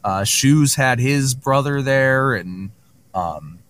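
A man's voice: mid-range voice, slow pace, a little hiss or hum. A man on a podcast, telling stories in a casual chat and acting out what people said. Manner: animated, acts out others' lines. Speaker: podcast guest.

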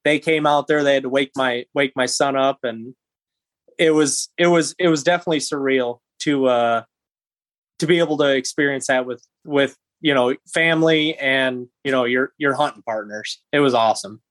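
A man in his thirties, a podcast guest, telling a story in animated, halting bursts with many restarts. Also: mid-range voice, no echo.

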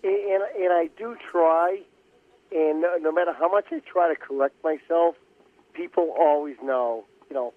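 A man's voice: a little high, normal speed, dry recording. A man with a Boston accent calling in to a radio show, stammering and repeating his words. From Boston area. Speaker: caller. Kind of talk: call-in radio chat. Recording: dull phone line.

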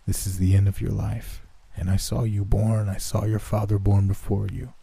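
A man voicing an ancient, withered old nurse who speaks in a hushed, insistent, solemn way. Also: fairly low pitch, flat delivery, moderate pace, creaky, breathy edge, no room sound, exaggerated voice.

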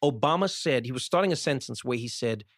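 A man from South Africa, a podcast guest, chatting casually and lively, often slipping into voices of the people he describes. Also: medium pitch, fast talker, dry recording, studio quality. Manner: animated storyteller, slips into voices of people he describes.

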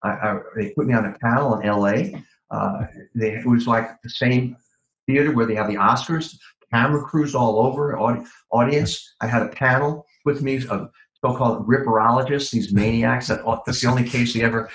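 A man's voice: mid-range voice, normal speed, a bit bright, reverberant, low-quality recording. An older man, a guest on a podcast, telling rambling stories from his career with many restarts and fillers. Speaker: guest, former criminal profiler. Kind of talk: podcast interview storytelling.

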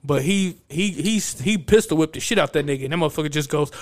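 A young man in casual chat, recapping a movie plot in a rambling, profane, animated way. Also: fairly high pitch, fast. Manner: profane, animated storytelling with acted-out quotes.

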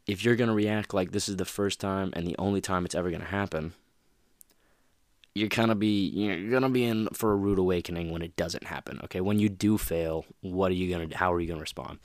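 A man hosts a motivational podcast, talking casually and ramblingly with plenty of fillers, restarts and you-knows. His voice is low-pitched, captured in a dry, clean studio recording.

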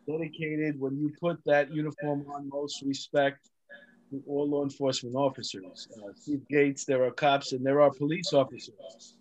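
A man hosting a casual podcast with a New York accent. His voice sits a touch higher than most men's, and his talk is loose and joking, full of fillers and asides while he reads out comments from listeners. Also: little pitch movement, normal speed, a little mellow. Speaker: podcast host.

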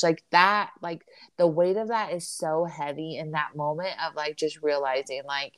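A woman's voice: on the low side, normal speed, no echo. A young woman co-hosting a casual chat, telling personal stories candidly and laughing through the emotional parts. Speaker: podcast co-host.

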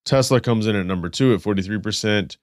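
Male car-podcast host, very low, congested and nasal, rambling reads, dry booth. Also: quick pace, dry recording. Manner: rambling, self-correcting, reading stats then riffing. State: stuffed up, congested. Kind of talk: casual car news chat.

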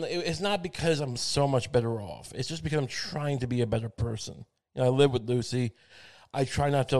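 A man rambling through a comic monologue, self-mocking and profane, with frequent halting restarts. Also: medium pitch, darkish tone.

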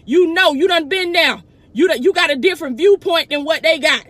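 Southern woman motivational speaker, high voice, fervent sermon-style preaching, recorded on a phone. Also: fairly quick, a bit bright, dry recording. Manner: fervent preaching, calls listeners "baby", exclaims "glory be to God". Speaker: motivational speaker and life coach. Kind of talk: preaching to online viewers. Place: inside a truck.

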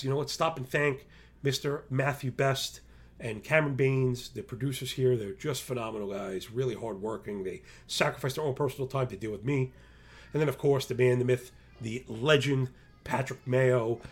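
A man hosting a podcast, talking casually and rambling excitably to his listeners. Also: medium pitch. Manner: rambling, excitable, self-described motor mouth. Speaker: podcast host.

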